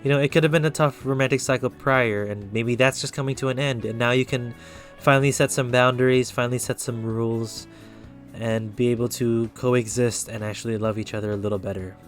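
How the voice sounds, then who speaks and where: A man's voice: mid-range voice, steady tone, a little fast, soft background music. A man giving a casual tarot reading on a live stream, chatting loosely and directly with his viewers. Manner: chatty, talks straight to chat viewers, loose and upbeat.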